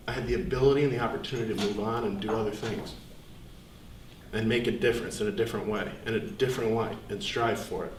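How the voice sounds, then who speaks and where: A young man giving an earnest, reflective seminar speech with pauses. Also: lowish voice. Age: young adult. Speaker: student speaker. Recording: echoey room, distant mic, faint hiss.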